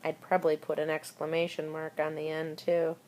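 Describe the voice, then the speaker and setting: A woman's voice: deep voice, monotone, a little fast, darkish tone. A woman teacher giving a recorded spelling lesson to young children, talking them through words and spelling them out letter by letter. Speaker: elementary school teacher.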